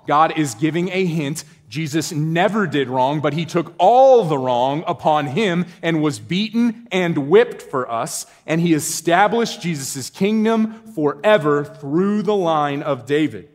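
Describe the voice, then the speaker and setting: A man's voice: on the high side, animated, a little slow. A man preaching a sermon, telling a story and building to emphatic points. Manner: storytelling, rising to emphatic exclamations. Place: church sanctuary. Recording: long reverb of a church hall.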